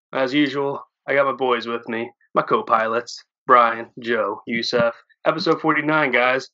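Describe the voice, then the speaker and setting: A bright, forward-sounding man hosts a podcast in relaxed, casual chat. He swears freely and keeps an easy, laid-back manner. The recording sounds a little dull and lo-fi. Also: mid-range voice, moderate pace, few pauses. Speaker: podcast host.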